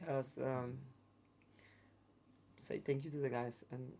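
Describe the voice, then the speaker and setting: Interview guest: man, broken English, many restarts, middling pitch. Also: flat delivery, slow, warm tone. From Mexico. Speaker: guest, circus artist. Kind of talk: casual storytelling interview.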